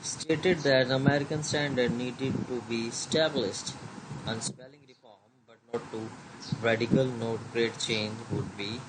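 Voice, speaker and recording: A man giving a recorded slide lecture, reading haltingly with many fillers and switching into Hindi to explain. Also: medium pitch, fairly even intonation, background noise.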